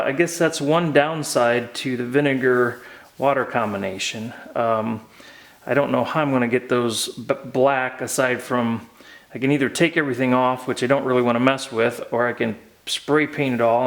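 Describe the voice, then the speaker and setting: In his home workshop, a man hosting his own hobby channel talks through a restoration project as casual how-to narration, relaxed and hesitant with lots of ums and uhs. His voice is medium-pitched at a moderate pace, and the recording is rough.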